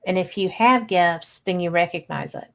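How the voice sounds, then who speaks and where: Gravelly woman host in chat. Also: lowish voice. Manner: chatty, reflective, quick to laugh. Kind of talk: casual chat.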